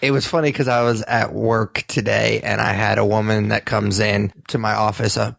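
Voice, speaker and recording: A man hosting a podcast, chatting casually and telling animated stories. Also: lowish voice, moderate pace, gravelly, no room sound, studio quality. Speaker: podcast host. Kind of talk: casual chat.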